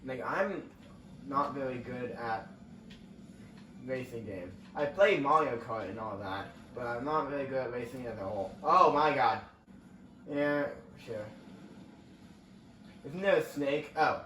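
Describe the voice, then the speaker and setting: Unhurried and pausing often, a young man with a medium-pitched, slightly bright voice chats casually while playing a racing game for his channel, reacting to the gameplay. A little hiss or hum and faint ambience come through the roomy, distant mic.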